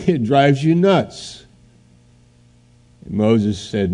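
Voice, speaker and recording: A man preaching a sermon, telling a story in a halting way and then building to loud, emphatic outbursts. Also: on the low side, creaky.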